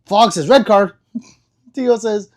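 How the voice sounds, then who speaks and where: A man's voice: sits high, slow, darkish tone. A young man hosting a casual live stream, joking and rambling as he reads out viewer comments. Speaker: livestream host reading chat.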